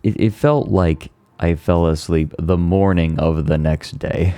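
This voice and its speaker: A man with a very deep, dark voice chats casually on a stream, tired and rambling, often tripping over his own words. The sound is dry and close, with faint music playing underneath. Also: steady tone, a little slow, no echo. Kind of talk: casual chat.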